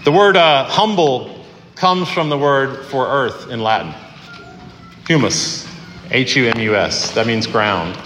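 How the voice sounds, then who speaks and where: A man preaching a sermon in a conversational, animated way, retelling scenes vividly. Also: mid-range voice, measured pace, a little hiss or hum. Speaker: pastor. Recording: echoey hall with long reverb.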